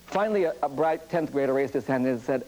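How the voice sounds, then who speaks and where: A man's voice: medium pitch, quick pace, a little mellow, a little hiss or hum, poor audio. A priest giving a storytelling lecture on communication, acting out the people in his anecdotes. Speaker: priest and speaker on cross-cultural communication.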